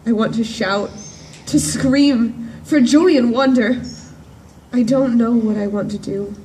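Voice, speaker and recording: A woman in a church performing a monologue as a grief-stricken woman disciple at the empty tomb. She speaks earnestly and in measured phrases, with emphatic repetitions. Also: a little high, a little mellow, a little hiss or hum. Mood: joyful. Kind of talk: dramatic first-person monologue. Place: church service at sunrise. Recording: distant voice with faint room ambience.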